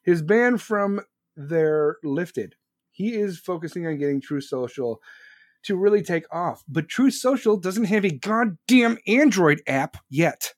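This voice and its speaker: A young man with a high voice rants sarcastically at his stream chat, swearing at nearly every turn. His sound is dry and close, with no room echo at all. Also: lively intonation, a little slow. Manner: crude, sarcastic, swears constantly, laughs at own jokes. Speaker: livestream host reading chat. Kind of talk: profane rant reacting to chat.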